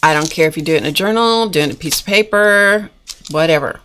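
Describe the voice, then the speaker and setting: Woman, lower voice, folksy chatty art teacher, live-stream demo, faint hiss, home desk mic. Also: fast, fairly bright tone. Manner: chatty, folksy, talks to viewers in chat. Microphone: camera mic at a desk.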